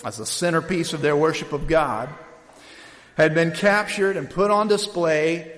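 A man opens his sermon by reading a story, his voice sitting a bit high for a man. He tells it with lively energy and shouts the calls loudly, then slips into relaxed talk with a few fillers. The sound carries a long reverb, as in a large hall. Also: measured pace, a little hiss or hum. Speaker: preacher. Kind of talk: sermon opening with a story read aloud.

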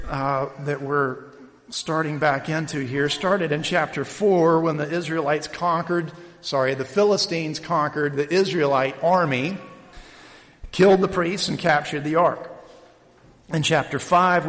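A man opens his sermon by reading a story, his voice sitting a bit high for a man. He tells it with lively energy and shouts the calls loudly, then slips into relaxed talk with a few fillers. The sound carries a long reverb, as in a large hall. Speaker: preacher. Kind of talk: sermon opening with a story read aloud.

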